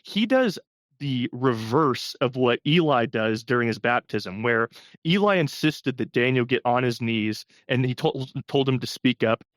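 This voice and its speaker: A man's voice: medium pitch, expressive, unhurried, no room sound. Man, podcast co-host, casual film talk, retells scenes animatedly, dry close sound.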